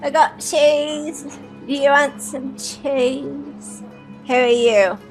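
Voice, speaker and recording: A woman's voice: sits high, fairly even intonation, extremely slow, soft background music, pitched above the performer's own voice, full character voice, poor audio. A woman doing a pushy old halfling cheese seller.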